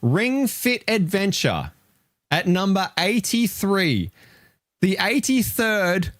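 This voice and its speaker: With a high voice and a slow pace, this man gives live commentary on a game ranking as a retro gaming streamer. The studio sound is clean with no echo, and he swears through an animated, exasperated rant of disbelief.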